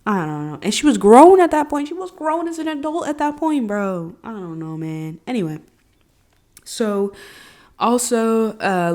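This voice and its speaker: Woman doing a solo podcast, chatty and slangy, voice jumps up and down a lot. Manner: animated, slangy, quick swings in pitch and loudness. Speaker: podcast host. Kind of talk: casual solo podcast talk.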